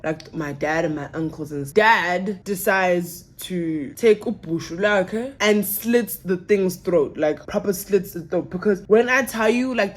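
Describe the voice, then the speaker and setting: A young woman telling a story in a casual vlog, animated and full of fillers, slipping Zulu phrases into her talk. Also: medium pitch. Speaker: vlogger.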